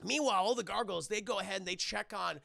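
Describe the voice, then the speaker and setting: Male streamer reviewing cartoons, rambling and profane, high gravelly voice. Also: quick pace, pushed and bright, no echo, clean studio sound. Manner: rambling, profane, keeps addressing chat. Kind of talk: casual live-stream recap.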